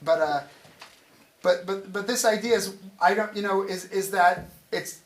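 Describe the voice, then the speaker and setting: A man's voice: high-pitched, measured pace. A man, an author talking on stage at a literary event, who rambles, restarts his sentences and chuckles as he goes. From United States. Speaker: author being interviewed. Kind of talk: casual onstage talk.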